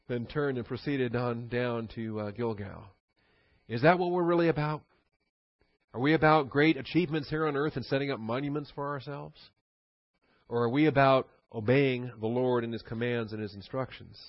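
A man's voice: medium pitch, moderate pace, no echo, dull audio. Conversational male Bible teacher. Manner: conversational, animated, sarcastic asides. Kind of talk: verse-by-verse sermon teaching.

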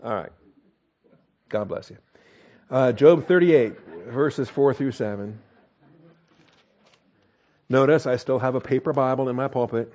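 A man preaching a sermon from a church pulpit as pastor, wry and animated, with self-mocking asides. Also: mid-range voice, unhurried, pauses often.

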